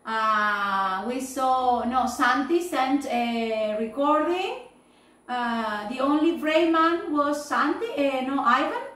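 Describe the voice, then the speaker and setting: Woman, English teacher, slow careful feedback, frequent "okay?" checks, roomy echo. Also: high-pitched, fairly bright tone, distant mic. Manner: slow, repeating "yes?" and "okay?" to check understanding. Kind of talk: online class feedback.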